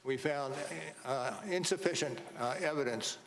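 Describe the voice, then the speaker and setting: A man testifying at a hearing, halting and hesitant, giving short answers. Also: medium pitch, a crowd in the background. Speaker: witness testifying. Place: hearing room.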